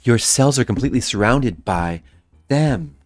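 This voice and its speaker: A man's voice: medium pitch, expressive, moderate pace, no echo, soft background music, pitched above the performer's own voice, close to an everyday voice. A man voicing a nerdy male scientist from a video game, reading the dialogue aloud in an earnest, explanatory way. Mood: explaining.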